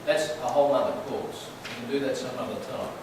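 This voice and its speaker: A man's voice: medium pitch, brisk, noisy background. A man giving a conversational sermon in a church, telling stories and asking the crowd questions. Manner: chatty, storytelling, asks the crowd questions. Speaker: church speaker. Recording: very echoey hall, mic far off.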